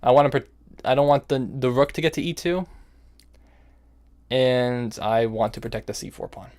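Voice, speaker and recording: A man's voice: medium pitch, normal speed, a little mellow, clean tone. A young man commenting on his own online chess games as he plays, thinking aloud and scolding himself in casual slang. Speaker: chess streamer. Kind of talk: live-streamed gameplay commentary.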